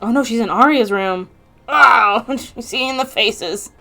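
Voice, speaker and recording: A woman hosting a reaction video, commenting casually and excitably, gasping and talking to the screen. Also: a little high, slow, gravelly.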